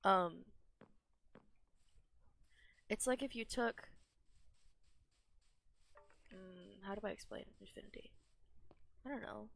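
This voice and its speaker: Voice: medium pitch, slow, creaky, pauses often, fairly bright tone, slight background noise. A young adult streamer giving casual, rambling gameplay commentary, self-deprecating and often laughing. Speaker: gaming streamer.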